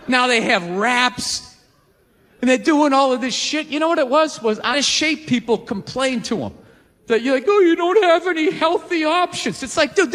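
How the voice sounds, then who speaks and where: A man's voice: extremely high pitch, pushed and bright. A man in his forties doing stand-up comedy, ranting with profane, incredulous exasperation. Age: 40s. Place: large theater stage. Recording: live theater with crowd and long reverb. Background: audience laughter.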